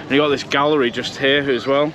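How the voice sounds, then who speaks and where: A man's voice: medium pitch, steady tone, fast, noisy background. A man chatting casually and rambling a bit as he vlogs a seafront walk, recorded outdoors on a handheld action camera. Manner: chatty and rambling, with easy laughs. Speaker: vlogger. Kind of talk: casual walking vlog. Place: outdoors on a seaside promenade.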